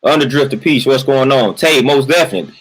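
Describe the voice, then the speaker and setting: A man's voice: mid-range voice, lively intonation, fast talker, breathy edge, rough recording. A man venting in a casual livestream monologue. He repeats his points emphatically, keeps tagging lines with "man" and greets viewers from the chat in between. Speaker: livestream host.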